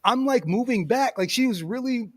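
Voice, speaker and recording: High-voiced man telling a story. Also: normal speed, no room sound, clean studio sound. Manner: animated, laughs often, says "bro" and "you know what I'm saying". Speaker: podcast host. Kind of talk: casual storytelling chat.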